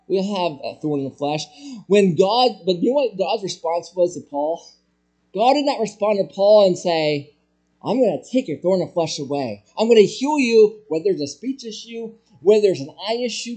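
Male pastor in his sermon, a little high-pitched, emphatic, loud-to-soft swings, rhetorical questions.

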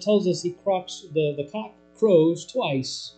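A man preaching a sermon, swinging between hushed, low lines and loud, emphatic ones. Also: slow, faint music behind, low-quality recording.

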